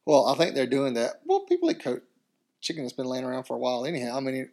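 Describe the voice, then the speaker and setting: A male podcast co-host with a gravelly, creaky edge on a mid-pitched voice. He reads quirky news items aloud and drops dry jokes in between. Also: wildly swooping pitch, fast talker, darkish tone. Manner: wry, joking asides. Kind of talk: casual chat reading news items.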